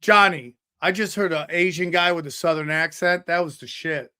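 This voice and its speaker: Man, podcast host, bright tense voice, dry close sound, joking banter. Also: fairly high pitch, clean tone, no echo. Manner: joking, quick jabs, loud bursts. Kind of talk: casual chat reading superchats.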